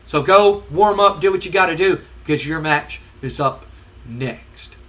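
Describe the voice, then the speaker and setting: Brief: man playing a fuming company boss and protective dad, scolding, bright voice. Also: a little high, animated, a little slow. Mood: commanding. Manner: threatening, scolding. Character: furious boss father guarding his daughter.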